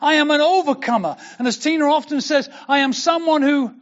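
A man's voice: very high voice, brisk, dull audio. An older man preaching a sermon as pastor, earnest and building to emphatic declarations.

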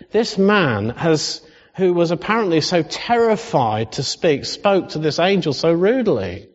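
A man preaching a sermon in a conversational style that rises into animated emphasis. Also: on the high side. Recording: dull sound with long hall reverb.

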